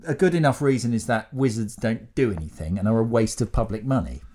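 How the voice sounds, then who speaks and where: A man's voice: mid-range voice, brisk, dark tone. A man co-hosting a podcast, explaining at length in a casual, drily humorous way. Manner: explains at length with many fillers and restarts, dry humour. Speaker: podcast co-host.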